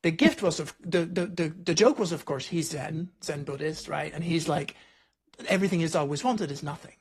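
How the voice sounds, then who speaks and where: A man's voice: fairly high pitch, moderate pace, slightly rough. A man hosting a podcast interview, telling stories in a reflective, conversational way. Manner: reflective, storytelling, frequent "like" and "right?". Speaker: podcast host.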